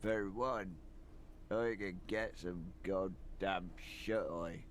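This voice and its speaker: Brief: drowsy, curt game dock worker, low voice and unhurried delivery. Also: male voice, fairly even intonation, a little hiss or hum. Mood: surly. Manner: drowsy and evasive, curt answers. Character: sleepy, surly thirty-something male dock worker.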